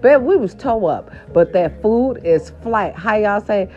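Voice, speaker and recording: A woman vlogger telling a chatty story to her viewers, animated and sassy, calling them "baby". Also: mid-range voice, measured pace. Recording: dull lo-fi sound with faint music behind. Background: faint music.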